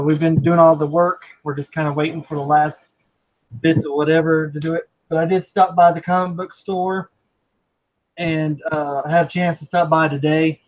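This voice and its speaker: Male co-host, enthusiastic and rambling, fairly high-pitched casual talker. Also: poor audio. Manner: rambling and enthusiastic, lots of fillers and restarts. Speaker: podcast co-host. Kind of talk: casual chat.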